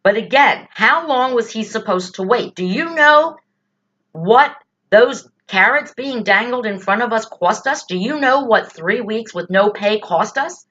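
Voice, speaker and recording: A woman's voice: on the high side, lively intonation, a little slow, fairly bright tone, lo-fi sound. Blunt, exasperated woman vlogger. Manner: blunt, exasperated, with rhetorical questions and swearing. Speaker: political vlogger. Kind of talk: indignant political commentary.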